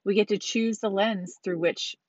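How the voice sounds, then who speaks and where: A woman's voice: mid-range voice, fairly even intonation, moderate pace, no echo, muffled recording. A woman hosting a podcast, talking candidly and casually about self-help, swearing now and then and getting emphatic. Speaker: podcast host.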